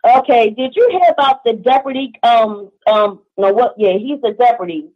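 A woman's voice: fairly high pitch, moderate pace. Young woman calling in, lots of ums, earnest, dull phone sound. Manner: earnest, many "um"s and "I feel like". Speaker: caller. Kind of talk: call-in opinion. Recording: muffled phone line.

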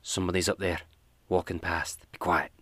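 A man's voice: low-pitched, level tone, moderate pace, a bit bright, breathy edge, dry recording. A man voicing a suspicious female dwarf builder, speaking hesitantly. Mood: worried.

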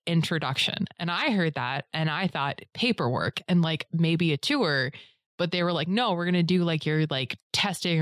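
A low-voiced woman tells a long, meandering story in casual conversation, heavy on fillers, raising her voice to act out what others said. The recording is studio quality with no echo.

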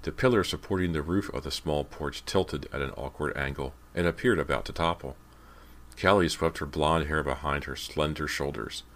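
A man reading a horror novel aloud as an audiobook narrator, in a measured, steady way. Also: a bass voice. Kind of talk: scripted narration.

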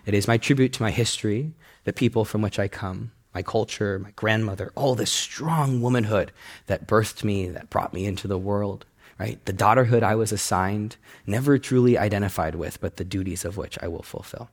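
Lively young man telling a story. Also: moderate pace. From United States. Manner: animated, laughing storyteller who jumps up in pitch. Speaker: speaker giving a talk. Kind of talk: personal storytelling talk.

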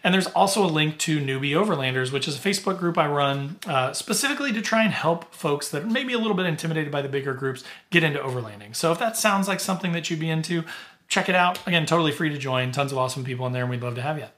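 Middle-aged male podcast host, loose chatty storyteller, bright and forceful tone, pitch a touch high. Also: animated, fast talker. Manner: chatty, filler-heavy, laughs easily. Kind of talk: casual storytelling.

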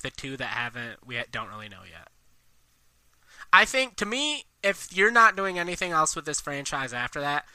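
A man co-hosting a podcast in casual chat, quick and animated, full of "like" fillers. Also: a little high, smooth, no echo. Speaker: podcast co-host.

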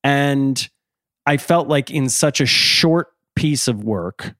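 A man's voice: mid-range voice, slow, fairly bright tone, no echo, studio quality. A man co-hosting a podcast, giving an earnest, thoughtful review of an album in casual chat and laughing easily. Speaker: podcast co-host.

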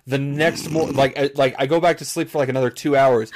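A man's voice: mid-range voice, steady tone, brisk, a little hiss or hum. A young man co-hosting a podcast, telling a story in casual chat and rambling through many restarts. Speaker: podcast co-host.

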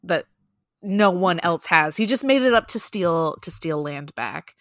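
A woman's voice: on the low side, expressive, unhurried, no room sound, clean studio sound. A woman co-hosting a casual news podcast, chatty and loose, with lots of "like" and "um". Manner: chatty, laughs often, loose fillers. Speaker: podcast co-host.

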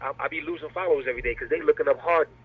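A man's voice: fairly high pitch, rapid-fire, breathy edge. A man, a comedian guest, talking in a laid-back, joking, slangy way on a remote call interview. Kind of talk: casual interview over a call. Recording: tinny phone-like call audio.

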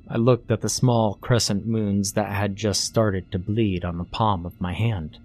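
A man narrating a horror story in a low, hushed delivery. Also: steady tone, unhurried, hardly any pauses. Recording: faint music underneath.

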